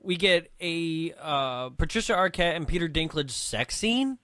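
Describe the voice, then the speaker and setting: A man with a fairly high, bright, forceful voice co-hosts a laid-back movie-review podcast. He laughs a lot and acts out scenes in quick quoted voices. The sound is dry and close. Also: lively intonation, clear, resonant tone, no room sound. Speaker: podcast co-host. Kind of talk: casual movie-review banter.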